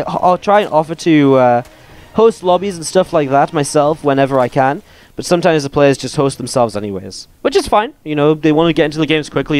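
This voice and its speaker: Smooth-voiced male game caster. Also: medium pitch. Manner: chatty, answers viewer chat between play calls; jokey, playful with the audience. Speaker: esports caster and stream host. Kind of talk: live game commentary mixed with chat banter.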